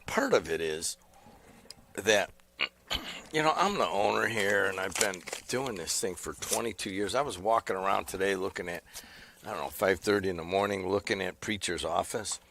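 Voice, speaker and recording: A man's voice: low-pitched, lively intonation, normal speed, gravelly, pushed and bright. A middle-aged man, a radio station owner and host rambling casually on air from a small studio. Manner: rambling, conversational storytelling. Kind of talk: casual talk radio chat.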